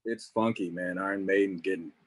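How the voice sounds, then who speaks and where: A man, a guest musician, talking in casual chat, relaxed and full of "you know" and "man". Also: sits low, fairly quick, no echo.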